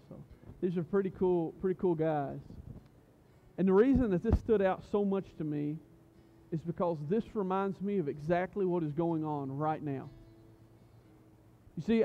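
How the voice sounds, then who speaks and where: Chatty youth pastor, muffled recording. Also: male voice, a little high, a little hiss or hum. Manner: chatty, joking, full of fillers and restarts. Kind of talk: casual youth sermon. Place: church youth service.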